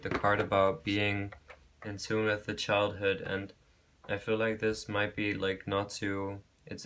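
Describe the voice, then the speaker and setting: A man giving a pick-a-card tarot reading, talking gently and reassuringly, rambling with restarts and calling listeners babe and beautiful soul. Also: lowish voice. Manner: affectionate, calls viewers babe and beautiful soul. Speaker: tarot reader.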